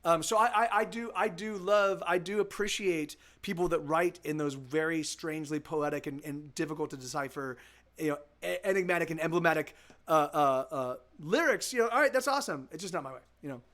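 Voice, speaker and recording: A man's voice: on the high side, a little fast, fairly bright tone. A man who is a musician, chatting casually on a live stream, rambling and restarting his sentences, laid-back and profane. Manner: rambling, with many restarts and repeated words. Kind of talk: casual chat.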